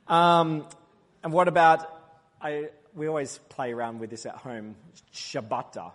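Playful preacher quizzing the congregation. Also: male voice, fairly high pitch, expressive, a little slow. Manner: playful, quizzing the crowd, loud call-and-response. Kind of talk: interactive sermon with the congregation. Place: church hall. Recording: long hall reverb.

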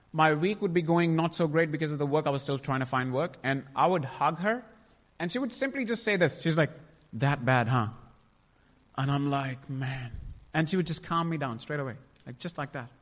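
At a moderate pace and in a fairly high voice, a young man shares his personal faith testimony in a big-sounding room. He's emotional and rambling, frequently breaking off to begin his sentences again.

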